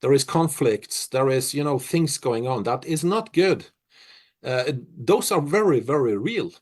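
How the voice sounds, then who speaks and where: A middle-aged man from Norway, a musician answering interview questions in a reflective, halting way full of restarts. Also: mid-range voice, animated, darkish tone, husky.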